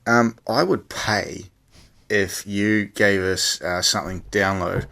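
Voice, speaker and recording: A man's voice: lowish voice, steady tone, slow, gravelly, pushed and bright. A man leaving a cheeky, sweary voice message for a podcast. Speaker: listener sending a voice message. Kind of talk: recorded voice message.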